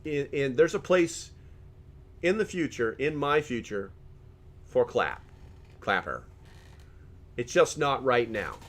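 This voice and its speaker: A man's voice: medium pitch, expressive, slow, long pauses. A middle-aged man hosting a live stream in casual chat, joking as he reads viewer comments aloud and often laughing.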